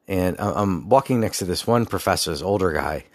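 A man's voice: low-pitched, lively intonation, moderate pace, darkish tone, no room sound, studio quality. A man in his forties telling a rambling personal story, with many fillers and digressions. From United States. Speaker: speaker recounting a personal story. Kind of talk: casual storytelling monologue.

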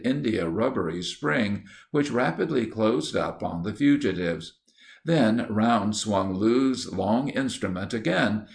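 A man with a low, gravelly voice reads an old adventure story aloud. His delivery is steady and measured, and it rises noticeably whenever a character speaks. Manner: steady measured reading, lifting for dialogue. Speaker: narrator. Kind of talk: storybook narration.

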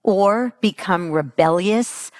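Woman teaching a parenting workshop, slow and deliberate, bit of gravel in her voice, dry sound. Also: medium pitch, no echo. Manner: slow, emphatic, asks the audience questions. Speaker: parenting coach. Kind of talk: workshop talk.

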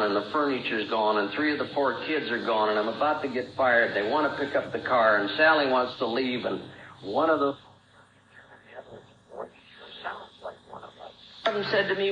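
A man's voice: mid-range voice, moderate pace, pauses often, pushed and bright, slight background noise. A man sharing his recovery story at a meeting, plain-spoken and acting out remembered dialogue. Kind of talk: personal testimony at a recovery meeting. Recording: roomy, dull old talk recording.

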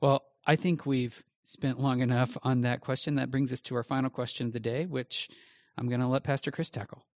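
A man of middle pitch co-hosts a Bible question show, talking in a conversational, earnest way. His voice is recorded close and dry. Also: flat delivery, brisk, dry recording. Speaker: co-host pastor.

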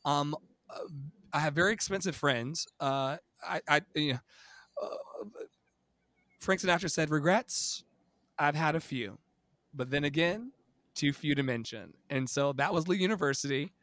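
A man in his thirties from Virginia, a singer and podcast guest, telling his life story in a dramatic, animated way and swearing freely. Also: fairly high pitch, unhurried, long pauses, dry recording. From Virginia, USA. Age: 30s. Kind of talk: storytelling interview.

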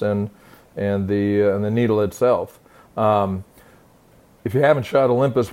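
A man's voice: fairly low pitch, a little mellow. Older friendly man recording a call-in. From Minnesota, USA. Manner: unhurried, friendly, hesitant with fillers. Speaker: caller.

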